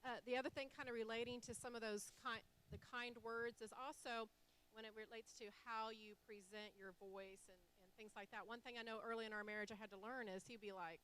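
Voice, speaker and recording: A woman's voice: a little high, steady tone, quick pace, fairly bright tone, smooth, low-quality recording. A woman teaching a church marriage class, explaining earnestly with everyday examples.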